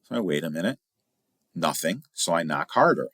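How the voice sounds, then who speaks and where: A middle-aged firearms instructor from Illinois, USA hosts a casual podcast, telling stories in a chatty, animated way with big jumps in pitch for emphasis. He speaks at a normal speed in clean, dry studio sound.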